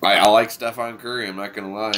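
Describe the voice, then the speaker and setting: A man's voice: fairly low pitch, fairly even intonation, quick pace, a bit bright, a little hiss or hum. A man with a cold co-hosting a casual sports picks show, speaking in a laid-back, plain-spoken way. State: has a cold.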